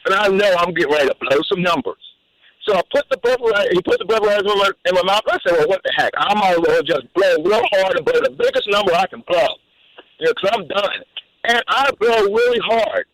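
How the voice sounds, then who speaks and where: A man calling in to a radio show, telling a personal story in an animated way, with repeated words and restarts. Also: high-pitched, a little fast, no echo, low-quality recording. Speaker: caller.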